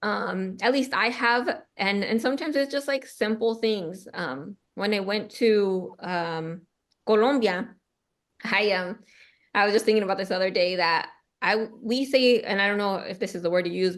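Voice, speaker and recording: A woman's voice: mid-range voice, normal speed. A woman of Mexican heritage in casual chat, telling stories with lots of "um" and "like" and slipping in Spanish words. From Mexican-American. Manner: storytelling with many fillers, bilingual asides.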